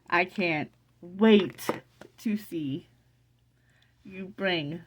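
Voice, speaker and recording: A middle-aged woman in an emotional casual vlog, excited and teary, rambling with many restarts. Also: on the low side, drawn-out words, slight background noise. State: teary from crying. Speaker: vlogger.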